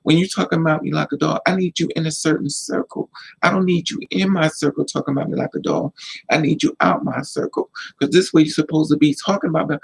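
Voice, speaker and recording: A man vlogging life advice, hammering his points home through repetition. His voice is gravelly and a little husky, and it sits fairly high for a man. The delivery stays casual but has the insistence of a sermon. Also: rough recording. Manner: emphatic, repetitive, preachy. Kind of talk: casual advice monologue to camera.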